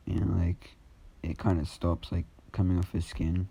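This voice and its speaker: A man rambling through a made-up fan story, his voice very low and dark. There's a gravelly fry and a husky roughness to it, and he keeps stumbling over fillers. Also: flat delivery, measured pace. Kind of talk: casual improvised fan-fiction storytelling.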